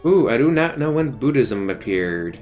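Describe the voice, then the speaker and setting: A man streaming a visual novel, reading the text aloud in a casual way with quick asides. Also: mid-range voice, big pitch swings, darkish tone, faint music behind. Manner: casual, reads every part, quick asides.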